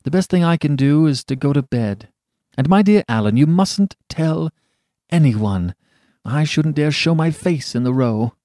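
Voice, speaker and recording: Rueful, sulky young gentleman voiced by a male reader, pitched a little raised. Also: expressive, a little slow, no room sound, studio quality.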